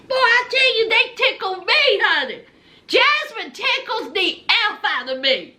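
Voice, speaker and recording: Tipsy animated woman recapping a show. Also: very high voice, measured pace. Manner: animated storyteller, acts out quotes, laughs. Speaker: recap commentator. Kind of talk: casual reality show recap.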